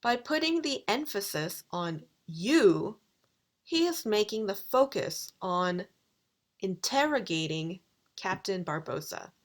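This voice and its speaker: A woman lecturer in a recorded video lesson walks through grammar examples at an unhurried, careful pace. Her pitch sits in an ordinary middle range. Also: sing-song. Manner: slow, deliberate explanations with quoted examples. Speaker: university lecturer.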